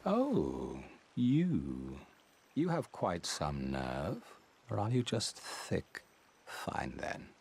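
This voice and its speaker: Brief: a disdainful game character, deep gravelly voice, slow and curt. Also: male voice, huge pitch swings, a little mellow, a little hiss or hum, heavily acted. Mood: scornful. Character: gruff, scornful male game character.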